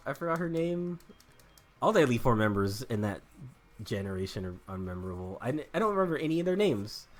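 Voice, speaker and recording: A young man chatting casually while streaming a game, rambling and joking, swearing freely and laughing often. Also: a little high. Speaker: gaming streamer. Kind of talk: casual chat while gaming.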